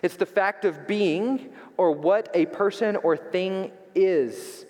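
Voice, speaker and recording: A man preaching from the pulpit, pressing his listeners with repeated rhetorical questions. His voice sits a little high for a man, and it carries a long reverb from the large sanctuary around him. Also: slow pace, a little mellow. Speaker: pastor. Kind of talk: sermon. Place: church sanctuary.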